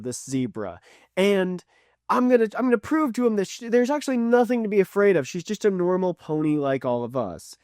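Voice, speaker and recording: A man's voice: on the high side, darkish tone, no echo, studio quality. A man reviewing a cartoon series in a rambling, chatty way. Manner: rambling, chatty, with fillers and restarts. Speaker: video reviewer. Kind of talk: casual retrospective review.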